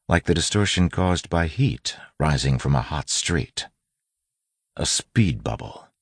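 A man narrates an audiobook in a measured, even storytelling voice. His voice is extremely low and husky, with a gravelly edge. The recording is dry and close. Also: dry recording. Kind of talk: scripted fiction narration.

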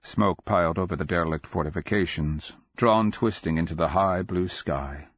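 A man narrating a fantasy audiobook in a measured, grave, deliberate way. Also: sits low, no echo. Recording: dull lo-fi audio.

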